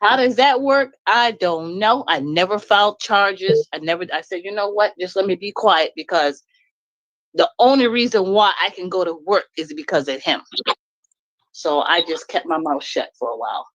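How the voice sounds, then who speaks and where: A middle-aged woman venting bluntly in a casual live-stream chat, laughing often and jumping high in pitch when she gets indignant. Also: lively intonation, normal speed, a bit bright, dry recording, highs cut off. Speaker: guest speaking on a live stream.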